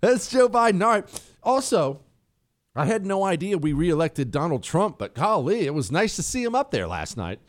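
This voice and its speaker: Lively, high-voiced male radio host. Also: normal speed. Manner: jokey, self-mocking, animated. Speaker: radio talk show host. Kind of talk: casual talk radio monologue. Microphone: studio headphones.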